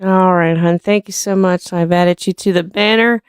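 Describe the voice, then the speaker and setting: A woman hosting a casual live stream, chatty and quick to laugh while thanking supporters. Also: on the low side, fairly even intonation, smooth, no echo, clean studio sound.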